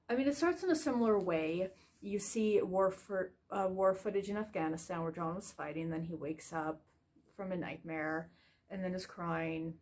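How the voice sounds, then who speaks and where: A woman giving a casual, scattered video review, frustrated and animated, with lots of fillers and restarts. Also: lowish voice, moderate pace.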